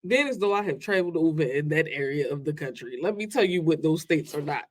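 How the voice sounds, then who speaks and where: A woman's voice: low voice, expressive. A woman co-hosting a reaction video, chatting casually, blunt and slangy, drawing out her points. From Baltimore. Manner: blunt, slangy, drawn-out emphasis.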